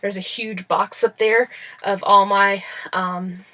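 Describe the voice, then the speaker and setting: A woman's voice: medium pitch, fairly even intonation, takes it slowly, a bit bright. A woman vlogging about a toy haul in casual chat at home, rambling with many fillers and restarts, recorded on a laptop microphone. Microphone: laptop built-in mic.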